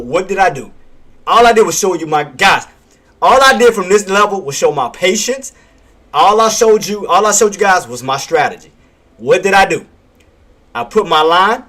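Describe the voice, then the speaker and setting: Hosting a day-trading livestream, a man with a fairly high, fairly bright voice gives live market commentary on price levels. He tends to repeat himself, poses questions only to answer them, and punctuates calls with a "bam" and a laugh.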